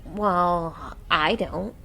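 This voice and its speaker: A woman's voice: fairly low pitch, drawn-out words, gravelly, bright, forceful tone, faint music behind, poor audio. A woman co-hosting a tabletop gaming podcast with playful, teasing interjections. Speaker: podcast co-host. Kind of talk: casual chat.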